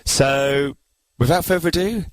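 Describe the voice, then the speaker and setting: A man's voice: a little high, a little slow, no room sound, low-quality recording. A man hosting a podcast and judging a contest, rambling with lots of fillers. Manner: rambling, hesitant, many fillers. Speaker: contest judge and podcast host.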